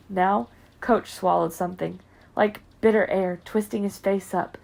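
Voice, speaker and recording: A woman's voice: mid-range voice, steady tone, measured pace, creaky, a little mellow. A woman giving earnest, emotional first-person audiobook narration.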